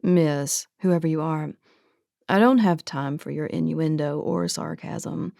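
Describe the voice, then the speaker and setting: A woman voicing a weary, wary man who leads an oil-fire crew, speaking slowly, guarded and curt. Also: sits low, lively intonation, creaky, mellow, no echo, clean studio sound, full character voice.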